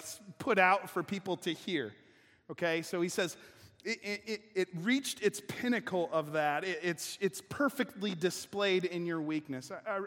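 A man's voice: a little high, a bit bright. A man preaching a sermon as pastor, conversational and emphatic, often restarting his sentences. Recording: long reverb of a large hall.

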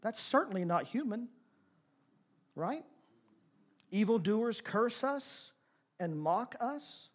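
Male pastor, higher pitched, expressive sermon delivery with rhetorical questions. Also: slow pace, long pauses. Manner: expressive preaching, swings from emphatic to soft, rhetorical questions.

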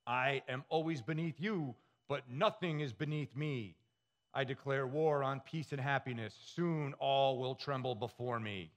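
A man voicing a booming mole-like movie villain, declaiming his threats. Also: a little slow, close to an everyday voice. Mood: menacing. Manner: declaiming, theatrical.

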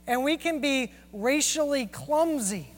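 A man's voice: very high voice, lively intonation, measured pace. A man preaching a sermon and telling personal stories in an earnest, confessional way. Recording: long hall reverb.

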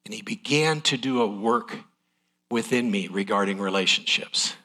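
Folksy emotional preacher, bright husky voice. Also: male voice, fairly low pitch, moderate pace. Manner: folksy, transparent, emotional delivery. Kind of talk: sermon.

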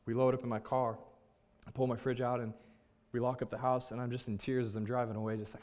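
A man's voice: medium pitch, flat delivery, fast talker, darkish tone. A young man, a pastor, telling a personal story in a sermon, earnest and openly emotional in a candid, conversational way.

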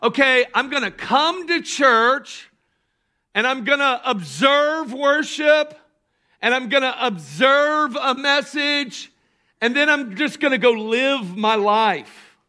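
A man pastor preaching a sermon with emphatic bursts of shouting, calling on the congregation to answer back. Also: extremely high pitch, slow. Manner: calls on the congregation to respond.

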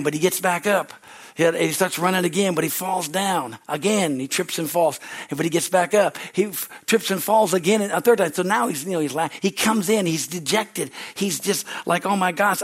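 A middle-aged man preaching a sermon as pastor, fervent and repetitive, rising to shouted exhortations. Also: high voice, normal speed.

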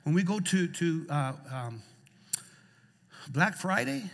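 A male pastor preaching a sermon in a church, repeating phrases and swinging between loud, stirring lines and soft ones. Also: on the high side, very animated, takes it slowly, creaky. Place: church sanctuary. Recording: church hall reverb.

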